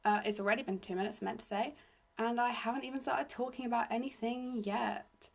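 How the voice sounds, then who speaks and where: A young woman from England with a slightly raspy voice, hosting a solo podcast into her phone in a rambling, self-deprecating chat. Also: a little high, fairly even intonation, fairly quick. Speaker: podcast host.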